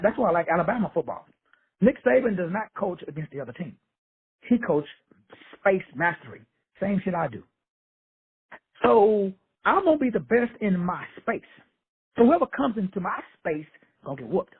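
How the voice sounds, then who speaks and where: A man's voice: a little high, breathy edge. A middle-aged man giving a blunt, profane, streetwise motivational talk over a call. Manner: profane, brash, streetwise preaching. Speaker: motivational teacher. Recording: phone-line call audio.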